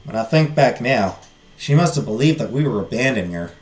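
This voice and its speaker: A man voicing a wistful young woman farmer who mourns her siblings, with a put-on Southern drawl, telling her story slowly and sadly. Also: mid-range voice, animated, roomy sound, voice pushed down, close to an everyday voice. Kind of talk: reading game dialogue aloud.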